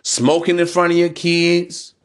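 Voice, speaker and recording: A man's voice: fairly high pitch, completely flat delivery, measured pace. A man hosting a podcast in a casual monologue, talking bluntly with profanity and a preachy edge. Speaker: podcast host.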